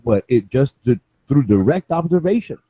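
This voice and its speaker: A man's voice: mid-range voice, sing-song, moderate pace, warm tone, husky, no room sound, highs cut off. A man explaining his view at length in a group chat, lecturing and repeating himself, checking in with "okay?" and "right?".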